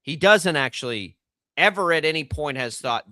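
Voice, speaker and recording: A middle-aged man ranting in disbelief on a radio sports show, his voice high and swinging widely up and down. The tone is bright and sharp. The studio mic sounds close and dry. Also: moderate pace, dry recording. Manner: animated, incredulous ranting. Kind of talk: casual radio banter.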